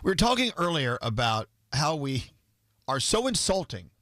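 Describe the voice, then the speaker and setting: Lively, higher-voiced male radio host. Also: moderate pace, no echo, studio quality. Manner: playful, teasing, laughs often. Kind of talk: casual morning radio banter. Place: radio studio.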